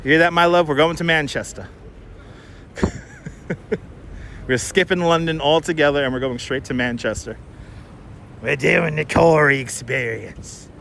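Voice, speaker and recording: A man hosts a casual live stream from city streets, rambling between topics and reading viewers' comments aloud. His voice sits slightly high for a man. A clip-on mic picks him up over faint outdoor noise. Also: moderate pace, long pauses, a bit bright. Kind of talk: casual live-stream chat while walking. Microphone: wireless clip-on mic.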